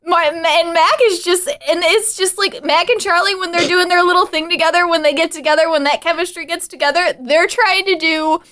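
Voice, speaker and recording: A woman co-hosting a podcast in casual chat, animated and rambling, swearing casually and laughing often. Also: very high voice, brisk, hardly any pauses. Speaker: podcast co-host.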